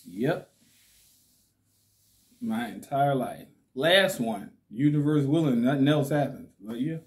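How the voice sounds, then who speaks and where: A man hosting his own vlog in a relaxed, slangy way, talking with a slight lisp because his cheeks are swollen. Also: mid-range voice. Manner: slow, laid-back, slangy, laughs often. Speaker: channel host. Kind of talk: casual vlog talk to camera.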